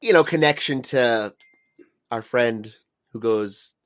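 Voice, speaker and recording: A man co-hosting a casual podcast, relaxed and agreeable, and cursing now and then. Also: mid-range voice, takes it slowly. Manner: laid-back, agreeable, profane. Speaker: podcast co-host.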